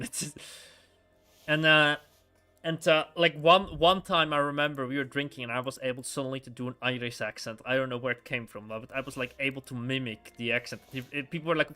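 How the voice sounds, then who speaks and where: A man's voice: medium pitch, fairly even intonation, a little fast, sharp tone, soft background music. A man giving casual let's-play commentary while playing a story game, rambling with frequent chuckles and restarts.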